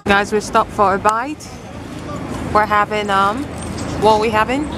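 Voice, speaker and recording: A woman's voice: mid-range voice, unhurried, over music. A young woman chatting upbeat to viewers in a casual travel vlog, filmed on a handheld camera outdoors. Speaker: vlogger. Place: outdoors on city streets. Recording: loud street noise and crowd.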